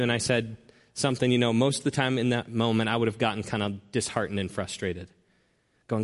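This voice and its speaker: A man of ordinary pitch preaches from a large hall, his words trailing off in long reverb. He tells his story earnestly and slows down to lean on the words that matter. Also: level tone. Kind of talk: sermon storytelling.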